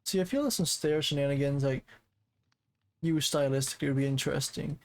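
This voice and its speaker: Relaxed streamer counting blocks aloud. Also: medium pitch, a little fast, poor audio. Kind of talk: casual game commentary.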